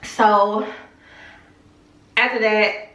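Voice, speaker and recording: A woman's voice: mid-range voice, level tone, extremely slow, a bit bright, recorded from a distance. A young woman telling a personal faith story in a candid, chatty way, full of fillers. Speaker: vlogger. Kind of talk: casual storytelling testimony. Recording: roomy echo, speaking from off the mic.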